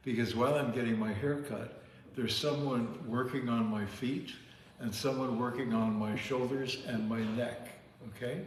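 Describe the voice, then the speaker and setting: A man's voice: medium pitch, fairly even intonation, normal speed. A man telling rambling anecdotes in casual chat over drinks, often checking in with "okay?". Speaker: co-host. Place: home bar. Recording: echoey room with long reverb, faint hiss.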